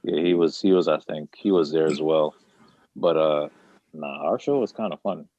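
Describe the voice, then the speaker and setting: A man's voice: extremely low pitch, moderate pace, warm tone, no echo. A man in casual chat, laid-back and teasing as he recalls an old show. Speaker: former radio show co-host. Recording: dull dry sound.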